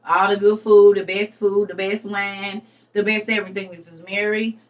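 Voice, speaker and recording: A woman's voice: mid-range voice, little pitch movement, moderate pace, distant mic, lo-fi sound. Laughing, teasing woman with a slangy drawl. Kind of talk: casual commentary on a reading.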